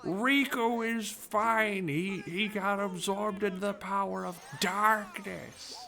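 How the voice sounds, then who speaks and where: A man doing a shrill, screeching comedian voice. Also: steady tone, vocal fry, sharp tone, exaggerated voice. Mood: excited blabbing. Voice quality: high, screechy, drawn-out.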